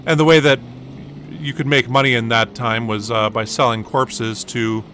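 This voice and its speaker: A man's voice: medium pitch, fairly even intonation, normal speed, fairly bright tone, a little hiss or hum. A man giving casual gameplay commentary, rambling through a story with lots of ums and uhs. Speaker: gaming channel host.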